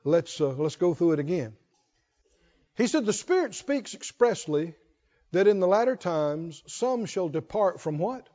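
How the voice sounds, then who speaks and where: A man preaching a sermon as pastor, calling for responses from the congregation and rising into shouts. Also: high voice, big pitch swings, unhurried, big-room sound, dull audio.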